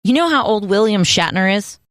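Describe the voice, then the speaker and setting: A woman co-hosting a podcast in casual chat, playful and animated, laughing often. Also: mid-range voice, fairly quick, no echo, clean studio sound. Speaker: podcast co-host.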